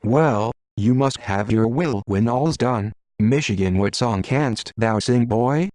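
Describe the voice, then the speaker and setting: A male text-to-speech voice reading the part of a scolding middle-aged wife and mother, in a flat machine delivery. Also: medium pitch, takes it slowly, no echo, close to an everyday voice. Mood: nagging.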